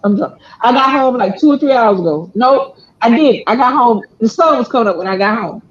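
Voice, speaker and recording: A woman's voice: on the high side, fairly quick. A woman telling a family story in casual, slangy chat, acting out quotes and laughing often. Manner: animated, laughing, slangy delivery with acted-out quotes. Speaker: storyteller, channel co-host. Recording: dull lo-fi sound.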